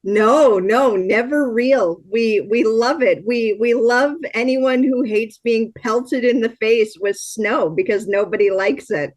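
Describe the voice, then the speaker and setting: A woman's voice: fairly high pitch, slow pace, few pauses. A Canadian woman hosting a casual interview, blunt and teasing with crude jokes. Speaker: host.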